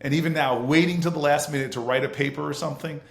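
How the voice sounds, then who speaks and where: A man, a senator and interview guest, telling a lively anecdote with laughter and vivid scene-setting. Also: a little high, quick pace, creaky, reverberant. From United States. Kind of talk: animated anecdotal storytelling.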